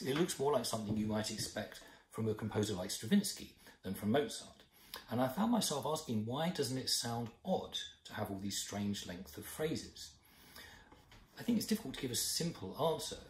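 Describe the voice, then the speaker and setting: A man's voice: mid-range voice, roomy sound, slight background noise, rough recording. A man with a British accent giving a thoughtful, explanatory music lesson from his home. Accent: British English. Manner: thoughtful, explanatory, counts beats aloud. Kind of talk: informal music lesson to camera. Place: room at home.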